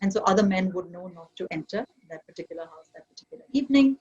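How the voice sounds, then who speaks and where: A woman's voice: fairly low pitch, expressive, quick pace, darkish tone, slightly rough, lo-fi sound. Woman from India arguing on a video-call panel. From Kerala, India. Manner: reflective, argumentative academic delivery. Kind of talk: online panel discussion.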